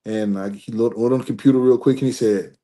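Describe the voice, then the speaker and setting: A man in his forties, a former football player, telling a long story in a relaxed interview, restarting sentences often. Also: medium pitch, fast talker. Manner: animated storyteller, acts out dialogue, restarts often.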